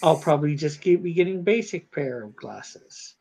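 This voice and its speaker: A man's voice: fairly high pitch, lively intonation, normal speed, vocal fry, warm tone. A man chatting casually on a livestream, rambling with many fillers and restarts. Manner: rambling, hesitant, lots of fillers. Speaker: co-host of a live drawing stream. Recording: dull lo-fi stream audio.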